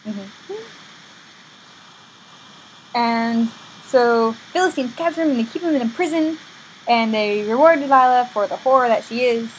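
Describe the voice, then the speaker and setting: Casting: woman storyteller, higher voice, playful and irreverent. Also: measured pace, pauses often, slight background noise, rough recording. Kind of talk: comic casual story retelling.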